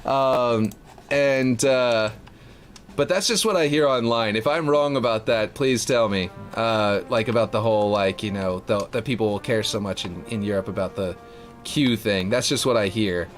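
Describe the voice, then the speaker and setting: A man's voice: lowish voice, normal speed, soft background music. A man from Louisiana with a light Louisiana accent, chatting casually and rambling while he builds a game map on a livestream. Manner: rambling, lots of fillers, laid-back.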